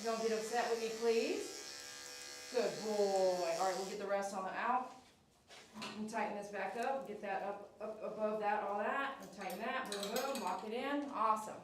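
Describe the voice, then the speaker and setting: A woman's voice: mid-range voice, normal speed. A woman dog groomer on a livestream, coaxing and soothing the dog while chatting with viewers. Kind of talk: live-streamed grooming chat. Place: grooming salon, indoors. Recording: echoey room, mic at a distance. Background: clipper hum.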